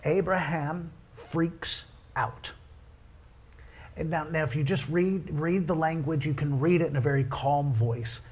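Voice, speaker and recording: A male pastor preaching a sermon in a church, folksy and conversational, with emphatic passages and hushed whispered asides. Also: fairly high pitch, a little slow. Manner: builds from calm teaching to loud, impassioned pleading with hushed whispered asides.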